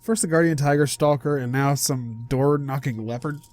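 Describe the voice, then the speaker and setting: A man's voice: mid-range voice, normal speed, a little mellow. A young man casually reading a visual novel aloud, stumbling and correcting himself as he goes. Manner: casual, stumbles over words, laughs and self-corrects. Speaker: game streamer reading aloud.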